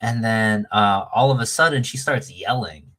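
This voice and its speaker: A man's voice: fairly low pitch, moderate pace, bright, forceful tone. A man telling a long story in casual chat, rambling with many fillers and restarts and acting out the quoted lines.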